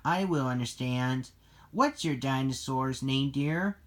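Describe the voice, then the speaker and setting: A reader voicing a mother on a farm in a storybook reading, with a gentle, soothing delivery. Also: mid-range voice, takes it slowly.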